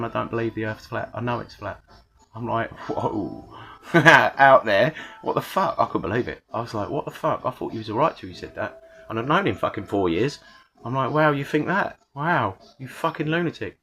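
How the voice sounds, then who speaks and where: A man's voice: medium pitch, fairly bright tone, a little hiss or hum. Sweary rambling man. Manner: swears often, rambling with restarts. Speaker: channel host. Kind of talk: casual rambling monologue.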